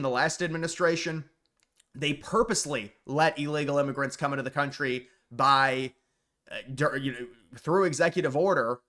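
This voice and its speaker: A man with an average-pitched voice talks through political commentary in a loose, unscripted monologue. He rambles, repeats himself and restarts sentences, and throws in sarcastic asides. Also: bright, forceful tone.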